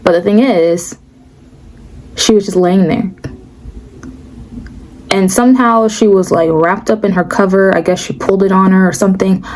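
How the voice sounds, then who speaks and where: A woman's voice: mid-range voice, fairly even intonation, normal speed, pauses often, a little mellow, a little hiss or hum, poor audio. A young woman telling a casual faith story to her viewers, chatty and full of asides. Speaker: faith vlogger. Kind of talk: casual testimony.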